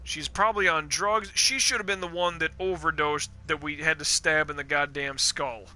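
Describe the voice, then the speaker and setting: A man streaming a game live, rambling in casual, profane, animated rants about the story's characters. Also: on the high side, normal speed.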